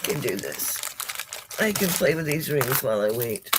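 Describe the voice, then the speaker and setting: A woman's voice: a bass voice, big pitch swings, moderate pace, background noise. Sleepy woman chatting on a live stream. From United States. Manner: sleepy, yawning, chatty, greets viewers by name. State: drowsy. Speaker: jewelry livestream seller. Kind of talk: casual live-stream chat. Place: home, indoors.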